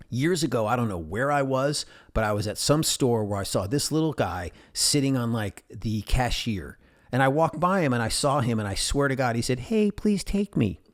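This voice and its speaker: A middle-aged man from New England hosting a casual solo podcast, rambling and joking as he talks. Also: mid-range voice. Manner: rambling, jokey, talks to his stuffed animals. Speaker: podcast host.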